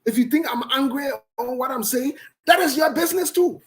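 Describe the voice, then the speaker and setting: A man's voice: extremely high pitch, a little fast, low-quality recording. A man hosting a radio talk show, giving opinionated commentary in a defiant, passionate way and repeating his points for emphasis.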